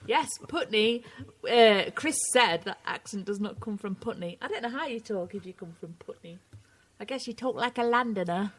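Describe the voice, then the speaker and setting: A woman's voice: medium pitch, expressive, normal speed, husky. A British woman co-hosting a casual radio show, chatting and reading out listener messages. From England. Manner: chatty, giggly, reads chat messages. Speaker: co-host.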